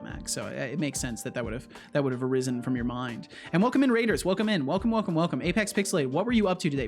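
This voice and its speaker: A man chatting casually on his livestream, often stammering and repeating words. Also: a little high. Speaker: streamer and game developer. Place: home.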